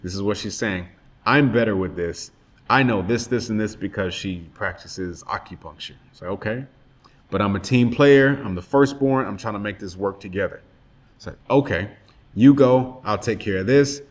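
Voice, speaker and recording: Low-pitched man in his thirties, earnest and reflective, telling his story to camera. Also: normal speed, dull audio. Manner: earnest, reflective, emotional retelling. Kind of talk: personal testimony monologue.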